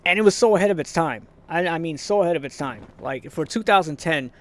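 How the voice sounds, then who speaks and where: A man's voice: fairly high pitch, expressive, fast talker. A young man ranting casually about movies, frustrated and swearing, rambling with restarts and short laughs. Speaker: vlogger.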